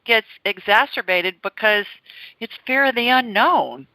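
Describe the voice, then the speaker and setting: A woman hosting a call-in radio show, chatty and animated, telling stories and reassuring callers. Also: a little high, a little slow, no echo, rough recording. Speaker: radio show host, psychic.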